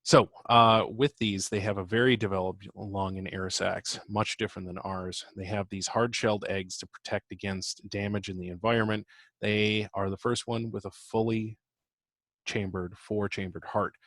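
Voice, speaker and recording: A male biology instructor talks through a recorded lesson in a somewhat low voice. He speaks haltingly, pausing on fillers and correcting himself as he goes. The sound is dry, with no room echo. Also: little pitch movement, a bit bright. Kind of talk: recorded lecture.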